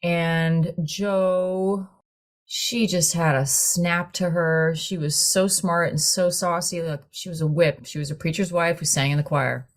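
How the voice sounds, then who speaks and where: A woman telling a lively story in a casual group conversation, laughing often as she talks. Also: lowish voice, unhurried. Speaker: choir director.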